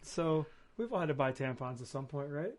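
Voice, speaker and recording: High-voiced teasing podcast co-host man. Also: expressive, a little fast. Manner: storytelling, teasing. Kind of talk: casual chat.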